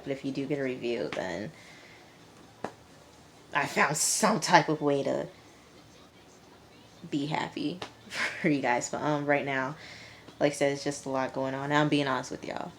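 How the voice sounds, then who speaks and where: A woman's voice: low-pitched, vocal fry, a little hiss or hum. A young woman reviewing a TV episode for her viewers, chatty and candid, addressing them as y'all. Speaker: TV review vlogger. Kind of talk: casual chat to viewers.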